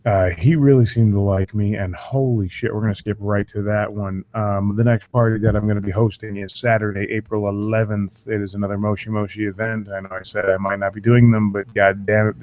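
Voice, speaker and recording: Fairly low young male host, losing his voice, blunt and profane, ranting casually from home. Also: flat delivery, moderate pace, a little mellow, rough recording. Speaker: show host. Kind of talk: profane casual rant to a live audience.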